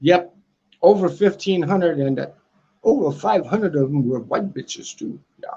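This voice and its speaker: A man's voice: fairly high pitch, lively intonation, unhurried, vocal fry, mellow, slightly rough, dull audio. A man in his sixties from the United States, rambling crudely on a casual livestream, tacking "man" onto his lines, outdoors on a balcony. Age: 60s. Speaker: livestream host.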